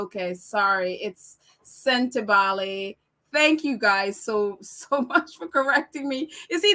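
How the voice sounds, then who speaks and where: A woman's voice: a little high, sharp tone. A woman hosting a live stream, reading viewer comments aloud in a chatty way, laughing often and correcting herself with apologies. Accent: non-American accent. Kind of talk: casual live chat.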